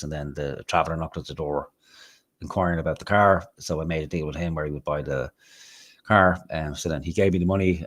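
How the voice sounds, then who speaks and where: Irish male host, very low voice, casual profane storyteller. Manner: swearing, rambling anecdotes with acted-out quotes. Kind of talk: casual live-stream chat, storytelling.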